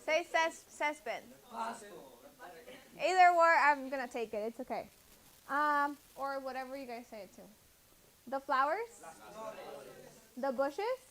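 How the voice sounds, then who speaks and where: A woman's voice: sits high, expressive, slow pace, long pauses, a bit bright. A woman teaching a classroom vocabulary lesson, patiently drilling words and correcting pronunciation. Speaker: Spanish teacher.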